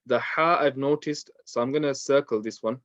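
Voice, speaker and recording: Male teacher, mid-pitched, patient and unhurried, dry close room, slightly muffled. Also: a bit bright, dry recording. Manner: patient, explains step by step with many fillers. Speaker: Quran tajweed teacher. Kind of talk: online lesson.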